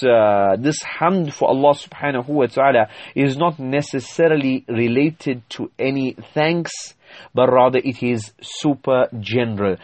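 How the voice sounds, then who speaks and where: A man's voice: mid-range voice, a little mellow, no room sound. A man giving an Islamic sermon, explaining terms in an emphatic, teaching manner with frequent hesitations. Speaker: Islamic preacher.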